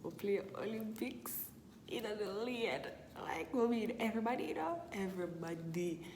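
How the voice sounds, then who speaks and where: A woman's voice: medium pitch, lively intonation, moderate pace, darkish tone. A young woman, chatting animatedly and emphatically in a casual Q&A vlog, repeating phrases for effect. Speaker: vlogger. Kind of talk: casual Q&A monologue. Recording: echoey room with long reverb, faint hiss.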